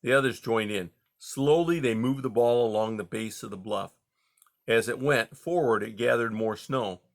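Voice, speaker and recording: A man narrating a children's novel in a steady, measured reading style. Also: medium pitch. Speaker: audiobook reader. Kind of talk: storybook narration.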